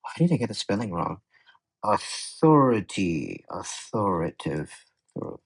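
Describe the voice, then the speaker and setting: A man's voice: on the low side, sing-song, moderate pace, husky, low-quality recording. A man tutoring English in a casual exam walkthrough, chatty and often correcting himself as he thinks aloud.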